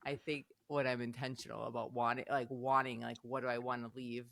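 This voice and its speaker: A woman's voice: rumbling low, flat delivery, fairly quick, creaky, a bit bright, no room sound. A woman in a casual podcast chat, telling upbeat anecdotes and laughing as she talks. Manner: upbeat storyteller, laughs while talking.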